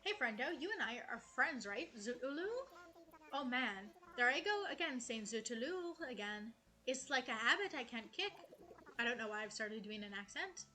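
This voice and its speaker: A woman's voice: mid-range voice, fast talker, few pauses, sharp tone, natural voice. A woman voicing an upbeat, self-promoting male bird villager from a cozy game, reading the lines aloud playfully. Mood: eager.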